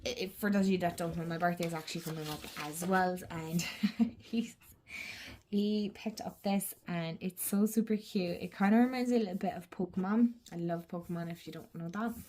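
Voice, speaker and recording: A woman's voice: on the low side, fairly quick, warm tone, a little hiss or hum. A woman chatting casually to camera, rambling and giggling, slipping into whispers. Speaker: journaling channel host.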